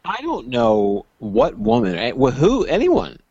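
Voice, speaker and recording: A man's voice: medium pitch, huge pitch swings, measured pace, mellow, breathy edge, dry recording, lo-fi sound. A man co-hosting a casual podcast, throwing in sarcastic quips about a movie. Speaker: podcast co-host. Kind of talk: casual chat.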